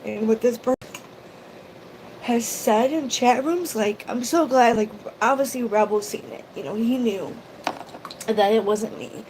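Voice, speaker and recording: A woman's voice: a little high, noisy background. Emotional rambling woman vlogger. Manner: emotional, rambling, greets viewers by name. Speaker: YouTube vlogger. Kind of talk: casual livestream chat.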